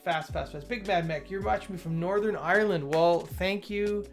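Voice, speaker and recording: A man with a high-pitched voice, speaking at normal speed, hosts a casual stream about software updates over soft background music. He reads changelog items aloud, greets chat viewers and rambles, often correcting himself.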